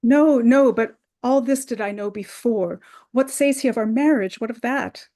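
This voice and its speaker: A woman's voice: a little high, moderate pace, dark tone, close to an everyday voice. A woman reading the part of a young girl in love, impatient and pleading, in a Shakespeare play reading. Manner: urgent, pleading, rising exclamations.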